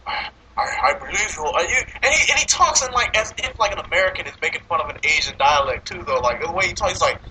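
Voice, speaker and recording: Brief: high, very bright male voice, animated swooping delivery, casual profane movie rant, faint background noise. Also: fast, hardly any pauses, rough recording. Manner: animated, profane, laughing often. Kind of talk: casual movie review chat.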